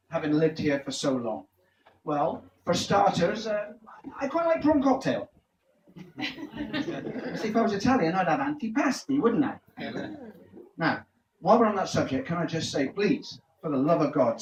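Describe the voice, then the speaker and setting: A man doing a stand-up comedy set, telling punchy jokes and quizzing the audience. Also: sits high. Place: live comedy venue. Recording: echoey, distant, noisy room recording.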